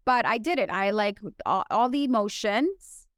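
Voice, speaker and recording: A woman co-hosting a podcast, telling a story in an animated way and acting out the lines of the people in it. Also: on the high side, moderate pace, dry recording, studio quality. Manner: animated storyteller who acts out dialogue. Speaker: podcast co-host. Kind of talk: casual podcast chat.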